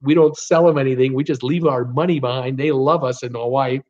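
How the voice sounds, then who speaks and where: A man's voice: medium pitch, steady tone, fairly quick, a little mellow. A middle-aged Canadian man hosting a live trivia stream, chatty and jokey as he reads out viewers' names and their guesses. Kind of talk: live stream chat, reading viewer answers. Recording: dull lo-fi stream audio.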